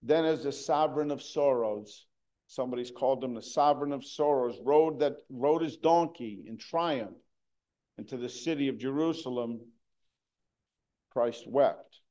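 A man preaching a sermon, earnest, moving between hushed and emphatic delivery. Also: mid-range voice, a little slow.

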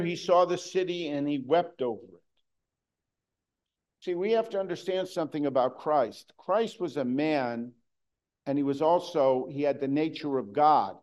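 A man preaching a sermon, earnest, moving between hushed and emphatic delivery. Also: a little high, dull audio.

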